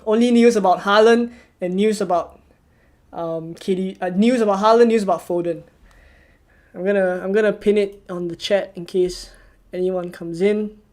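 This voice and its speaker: A man hosting a live stream, chatting casually and repeating himself excitedly as news comes in. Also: high voice, moderate pace. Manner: excited, repetitive, reacting live. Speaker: livestream host.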